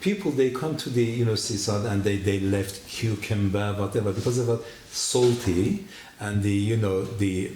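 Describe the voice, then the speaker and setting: Man, testimony speaker, halting non-native English, animated storytelling, roomy echo with faint hiss. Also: fairly low pitch. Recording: echoey room with faint noise.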